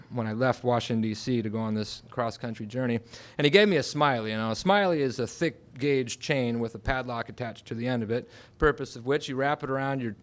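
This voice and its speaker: A man telling a personal story at a live storytelling night in a restaurant, swinging dramatically between hushed and loud. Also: mid-range voice.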